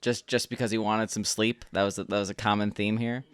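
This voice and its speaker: A man's voice: on the low side, little pitch movement, a little fast, clear, resonant tone, dry recording. Chatty young man recapping a movie. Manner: chatty, repeats words when starting sentences. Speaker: podcast co-host. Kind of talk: casual podcast chat recapping a movie.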